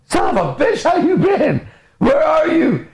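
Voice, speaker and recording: A man's voice: very high voice, wildly swooping pitch, measured pace, creaky, a little mellow, voice pushed up, heavily acted. A man voicing an overexcited, needy pet dog that yelps in frantic joy. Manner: frantic, yelping, overjoyed.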